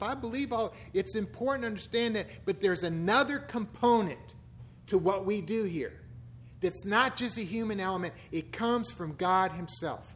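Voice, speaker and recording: High-pitched guy preaching, casual and jokey, does little voices for quotes. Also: a bit bright. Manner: conversational, joking preacher who acts out quotes. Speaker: pastor. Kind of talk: sermon.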